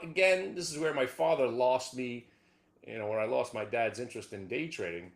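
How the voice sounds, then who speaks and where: A man hosting a trading show, talking fast and excitedly over charts, dropping to a low mutter and then bursting into whooping shouts. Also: creaky.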